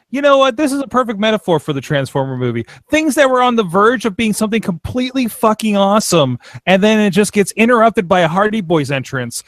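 Male podcast host, casual and excitable, lots of restarts; high voice, dry sound. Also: no room sound. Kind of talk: casual chat.

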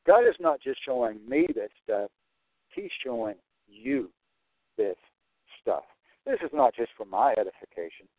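A man's voice: on the low side, dry recording. A man delivering an earnest, repetitive preaching monologue, stressing his points over and over. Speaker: Christian prophecy broadcaster. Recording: tinny phone-like line, dry.

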